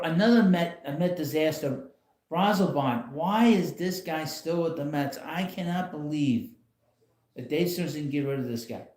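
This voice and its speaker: A man with a rather high voice and a darkish tone is heard in a reverberant space. He's the channel host, live streaming casually from a rocking chair at home. His talk is rambling and blunt, with frequent chuckles.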